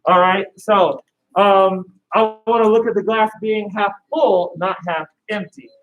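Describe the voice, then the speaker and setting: A man's voice: high-pitched, fairly even intonation, unhurried, phone-quality sound. Upbeat man coaching a kids' karate class. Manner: upbeat, with drill commands and countdowns. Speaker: karate instructor.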